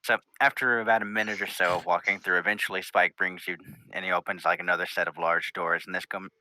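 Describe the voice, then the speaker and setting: A man's voice: low-pitched, flat delivery, fast, pushed and bright, no room sound, rough recording. A man narrating a tabletop game as game master, rambling through scene description with many fillers.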